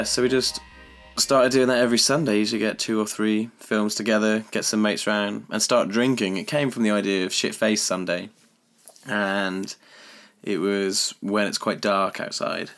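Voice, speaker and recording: A man's voice: on the low side, fairly bright tone. A man co-hosting a podcast, bantering in a jokey, self-mocking way and swearing casually. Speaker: podcast co-host.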